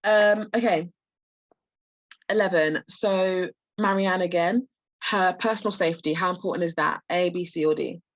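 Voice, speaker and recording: A woman tutor, hoarse and losing her voice, walks students through practice test answers with many restarts and fillers. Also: on the low side, moderate pace, no room sound, highs cut off. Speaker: medical school admissions tutor. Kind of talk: live online practice test walkthrough.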